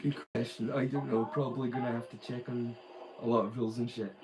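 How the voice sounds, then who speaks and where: A man's voice: medium pitch, flat delivery, brisk, crowd noise. Scottish man chatting on a live stream. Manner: reflective, talks directly to chat viewers. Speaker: streamer host. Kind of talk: casual live stream chat.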